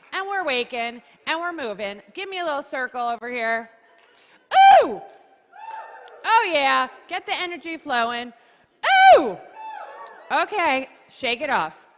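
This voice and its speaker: A woman from New York hosting a conference on stage, joking and rallying the audience. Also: sits high. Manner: lively, joking, rallies the audience. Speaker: conference emcee. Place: large conference hall. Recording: reverberant hall.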